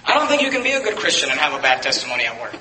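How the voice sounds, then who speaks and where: A man's voice: fairly high pitch, sing-song, rapid-fire, sharp tone, echoey room, a little hiss or hum, poor audio. A man preaching a sermon, emphatic and repetitive, pointing his listeners to Bible verses. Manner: emphatic, repeats phrases, directs listeners to verses. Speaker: pastor.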